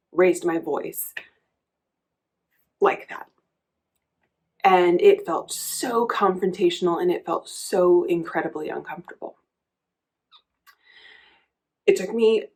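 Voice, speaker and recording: Candid woman telling a personal story. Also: fairly low pitch. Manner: candid, reflective, emotional storytelling with restarts. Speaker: coach and vlogger.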